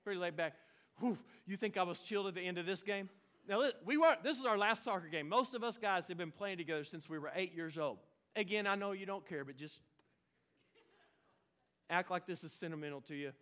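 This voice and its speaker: A man from Oklahoma, preaching a lively, storytelling sermon with sudden bursts of shouting. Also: sits high, a little fast. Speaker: pastor.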